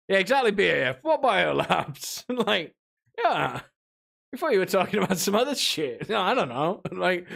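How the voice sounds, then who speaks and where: Gravelly-voiced man ranting on a stream. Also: sits high, a bit bright. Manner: laughing, rambling, mocking. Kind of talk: casual ranting commentary.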